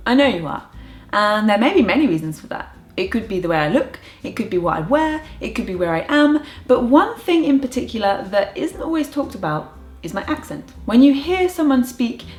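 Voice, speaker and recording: A woman's voice: a little high, very animated, moderate pace. A young woman with an English accent, a language coach talking playfully to camera in a casual vlog with dry jokes. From United Kingdom. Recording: echoey room with faint music.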